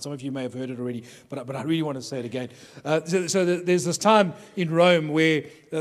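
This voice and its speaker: Animated storytelling man in echoing hall. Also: on the high side. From Durban, South Africa. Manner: animated, humorous, acts out quoted people. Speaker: workshop speaker to pastors. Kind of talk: storytelling talk to a live audience. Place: large hall with an audience. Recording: long hall reverb.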